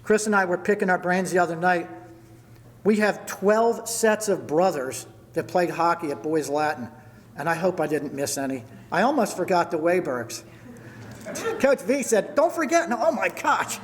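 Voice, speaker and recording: A man's voice: sits high, animated, normal speed, in a large hall. An older man, a retiring hockey coach, giving a storytelling speech at a party and thanking people by name. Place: large event hall.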